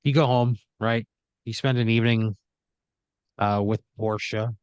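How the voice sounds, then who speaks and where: A man tells an improvised story straight to his listener, addressing him as "you" and filling gaps with casual asides. His voice is smooth and resonant. The close recording is dry and a little muffled. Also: mid-range voice, steady tone, unhurried, no room sound. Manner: second-person narration with frequent filler "you know". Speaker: podcast host.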